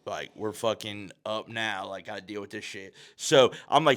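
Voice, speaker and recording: A man's voice: fairly low pitch, normal speed, a bit bright, dry recording, clean studio sound. A man hosting a podcast, telling a story in a casual, profane, slang-heavy way. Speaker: podcast host.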